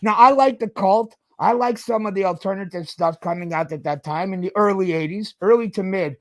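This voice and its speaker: High-voiced man on a profane rant. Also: fairly quick. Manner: profane ranting, keeps tagging "okay?". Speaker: podcast host. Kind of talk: casual chat.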